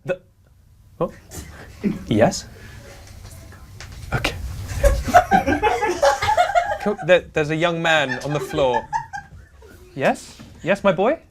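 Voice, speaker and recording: A man's voice: a little high, drawn-out words, long pauses, heavy background noise. A young man hosting a comedic charity live stream, playful and prone to laughing. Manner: playful, giggly, animated banter.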